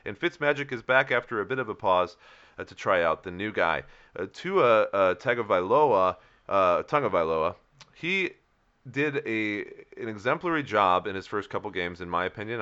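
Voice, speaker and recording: A man co-hosting a casual sports podcast, talking in a halting way with many fillers and restarts. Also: lowish voice, lively intonation, sharp tone, clear, resonant tone, dull audio. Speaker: co-host of a fantasy football podcast. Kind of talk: casual chat.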